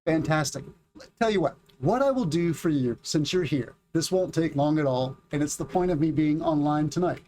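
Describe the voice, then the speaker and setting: A middle-aged American man teaches a casual English lesson on a livestream, reading the chat and drilling pronunciation slowly and clearly. His voice is fairly high and animated, with a darkish tone.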